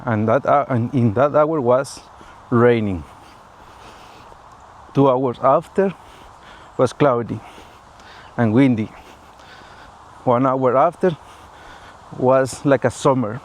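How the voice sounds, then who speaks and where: Man talking in halting English. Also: medium pitch, slight background noise. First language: Spanish. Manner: halting learner's English, frequent restarts and repetitions, laughs often. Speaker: vlogger. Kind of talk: casual personal talk to camera.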